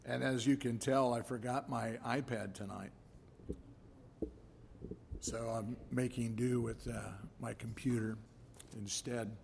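A man preaching a sermon, reading scripture and praying in an unhurried, halting way with fillers. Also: mid-range voice, fairly even intonation, a little mellow, a little hiss or hum. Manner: slow, gravelly delivery with hesitant fillers. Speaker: pastor.

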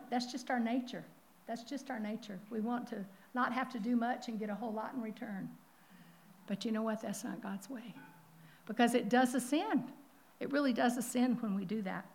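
Older lady preaching, lively storyteller, drops to whispers then gets loud. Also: on the high side. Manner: animated storytelling with sudden whispers and exclamations. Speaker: Bible teacher. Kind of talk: sermon.

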